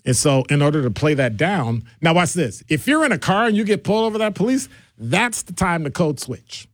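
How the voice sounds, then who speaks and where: Animated middle-aged male radio host. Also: a little fast, no echo, clean studio sound. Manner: animated, jokey, shifts pitch for quoted voices. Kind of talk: call-in radio talk.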